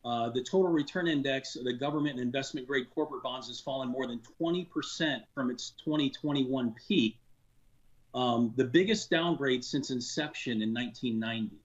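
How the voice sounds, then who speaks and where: A man's voice: mid-range voice, lo-fi sound. A man, a former industry insider, talking casually and earnestly on a radio show, frustrated, with many fillers and restarts. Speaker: financial advisor guest.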